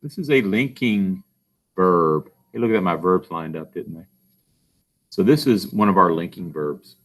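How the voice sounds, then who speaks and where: A man's voice: low voice, lively intonation, moderate pace, a bit bright. A male teacher giving a phonics lesson, patiently asking questions and answering them himself. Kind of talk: recorded classroom phonics lesson.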